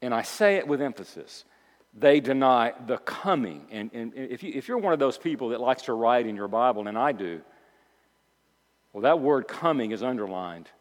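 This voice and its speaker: A male pastor preaching a sermon, moving between quiet reflective asides and loud emphatic declarations, repeating key phrases for emphasis. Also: medium pitch, animated, brisk, long reverb tail.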